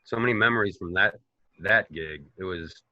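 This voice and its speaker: A man's voice: low voice, normal speed, dry recording, muffled recording. A man, an actor telling rambling, profane stories in a casual interview. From Boston, United States. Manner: animated, profane, rambling storyteller. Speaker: actor guest.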